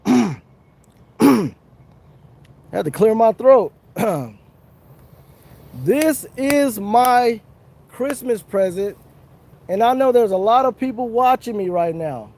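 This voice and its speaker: A man's voice: sits high, dark tone. A man chatting casually and earnestly to viewers on an outdoor fishing livestream. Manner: chatty, repetitive, earnest, chuckling. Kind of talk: casual live-stream chat. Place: outdoors under a tree.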